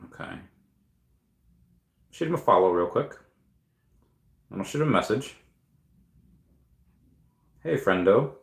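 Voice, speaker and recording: A man with a lowish voice chats loosely through a livestream, reading out viewer comments and musing aloud. He pauses often with ums and uhs. His voice rings a little in a room with noticeable echo. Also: lively intonation, creaky, a bit bright. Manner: rambling, thinking aloud with many fillers. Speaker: crypto livestream host. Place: room at home at night.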